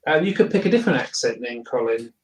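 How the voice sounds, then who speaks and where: Relaxed male stream host. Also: medium pitch, fast talker, slight background noise, low-quality recording. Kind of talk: hosting a live stream, reading chat comments.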